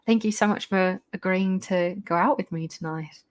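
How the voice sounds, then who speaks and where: A woman voicing a charming, flirtatious, well-dressed man with a smooth, courtly manner. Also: lowish voice, flat delivery, slow, a bit bright.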